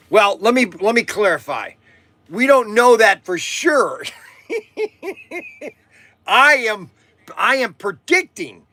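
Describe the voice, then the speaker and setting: A middle-aged man who runs a toy shop, hosting a casual live stream in a loud, rambling, chatty way. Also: sits high, very animated, extremely slow, long pauses, no room sound. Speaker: toy shop owner and vlog host.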